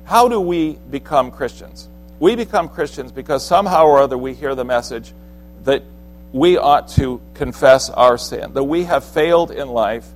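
An earnest man preaches in a conversational, unpolished way. His voice sits in an ordinary middle pitch. Faint music plays behind him. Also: low-quality recording. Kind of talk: sermon.

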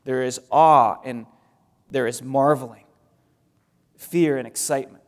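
Conversational pastor in a reverberant hall. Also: male voice, mid-range voice, fairly even intonation, measured pace. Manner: conversational, repeats phrases for emphasis. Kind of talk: expository sermon. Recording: long reverb of a large hall.

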